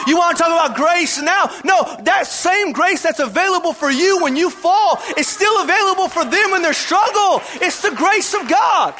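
Impassioned high-voiced male preacher. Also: animated, moderate pace, few pauses. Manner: impassioned, often shouting for emphasis. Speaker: pastor. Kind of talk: sermon.

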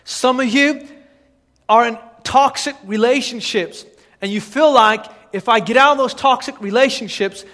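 A man preaching a sermon as pastor, building into impassioned, shouted exhortation. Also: very high-pitched. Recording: long reverb of a large hall.

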